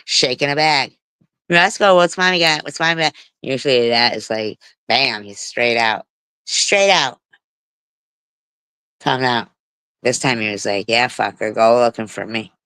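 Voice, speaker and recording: A woman's voice: extremely low pitch, pushed and bright, smooth, no echo. A woman in her forties telling stories on a casual livestream, blunt and swearing freely. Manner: blunt, heavy swearing, storytelling. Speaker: livestream host.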